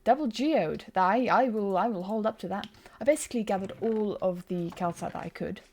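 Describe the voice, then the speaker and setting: A woman's voice: mid-range voice, fairly quick, darkish tone, a little hiss or hum. A woman streaming a game, chatting casually, giggling and poking fun at herself, speaking close to a desk mic. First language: bilingual. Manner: chatty, giggly, self-mocking. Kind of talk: casual live-stream chat.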